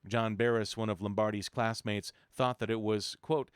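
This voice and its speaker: Low-voiced man reading a book aloud. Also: smooth, no echo, studio quality. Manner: measured, even reading with occasional self-corrections. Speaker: reader.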